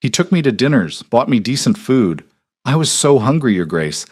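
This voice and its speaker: A man's voice: mid-range voice, big pitch swings, normal speed, darkish tone, voice pushed up. Man doing a weeping, frightened young woman. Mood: tearful. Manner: weeping, choked, pleading. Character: frightened young pregnant woman, poor and tearful.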